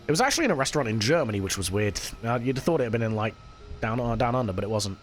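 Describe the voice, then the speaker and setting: A man talks easily with his stream chat as he plays, his voice sitting at a middle pitch. He chats loosely and swears casually. Faint music plays underneath. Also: very animated, very fast. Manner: chatty, swears casually, reads and answers chat while playing.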